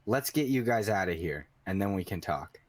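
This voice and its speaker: A man voicing a timid male rogue in a tabletop game, speaking softly. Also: low voice, animated, moderate pace, no room sound, far from the mic. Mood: calm. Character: nervous male rogue, timid and soft-spoken.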